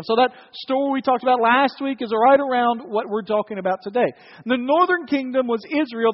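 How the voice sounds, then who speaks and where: High-voiced male pastor in a hall. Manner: conversational, joking with the congregation. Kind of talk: sermon. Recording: dull, reverberant hall recording.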